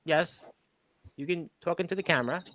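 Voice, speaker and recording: A male show host with a high voice who chats in a casual, upbeat way. His voice is dry and close, with no room sound. He laughs easily as he talks. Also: fairly quick, fairly bright tone, dry recording.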